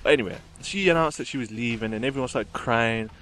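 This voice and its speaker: A man's voice: mid-range voice, fast talker, a bit bright, slight background noise. A young man chatting casually and giggling while commenting over gameplay. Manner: chatty, giggly, rambling with fillers. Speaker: gaming commentator.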